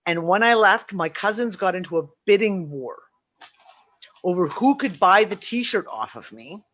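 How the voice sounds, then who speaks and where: A woman spinning a long, lively anecdote, acting out the people she quotes and dropping swear words. Her voice is mid-pitched. The audio is dull and lo-fi. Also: a little slow. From Canada. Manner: animated storyteller, does voices, swears. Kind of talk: casual chat.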